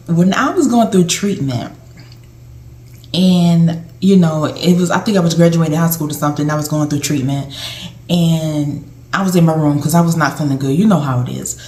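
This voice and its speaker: Woman, caregiver sharing advice. Casual vlog delivery, slightly low pitch, echoey room sound. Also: warm tone. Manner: conversational, repeats and restarts phrases. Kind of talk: casual advice talk to camera.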